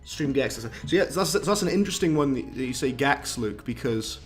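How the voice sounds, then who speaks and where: A man's voice: medium pitch, animated, moderate pace. A man giving casual, rambling commentary on a live game stream, chatting with viewers and reading out their messages. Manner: chatty, rambling, reads chat aloud, British slang. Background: game music.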